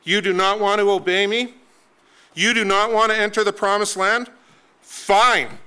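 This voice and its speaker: A man's voice: high voice, steady tone, unhurried, bright, forceful tone, smooth, voice pushed up. A man voicing an angry God pronouncing judgment on his people, with emphatic repetition. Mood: stern.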